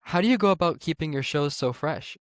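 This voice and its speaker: A man's voice: a little high, expressive, fairly quick, no echo, clean studio sound. A man hosting a casual interview, laughing along with his guest and asking long questions. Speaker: interview host.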